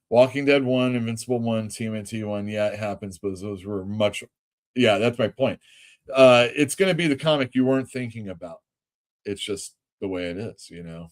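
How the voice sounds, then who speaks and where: A man hosting a live comics chat show, rambling casually with fillers and letting his lines trail off softly. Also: medium pitch.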